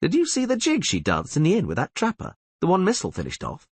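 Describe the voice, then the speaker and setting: A man's voice: a little high, huge pitch swings, quick pace, husky, dry recording, pitched above the performer's own voice, full character voice. A man voicing a blunt male gang leader who fires off curt questions.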